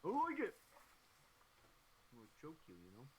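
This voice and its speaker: A man imitating a mumbling movie action hero playing a masked space villain, in a low drawl. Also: wildly swooping pitch, normal speed, a little hiss or hum. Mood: menacing.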